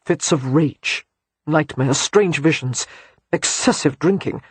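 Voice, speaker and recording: A man playing a brooding, war-scarred young gentleman who speaks in a quiet, measured, grave way, with a husky tone. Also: a little high, dry recording.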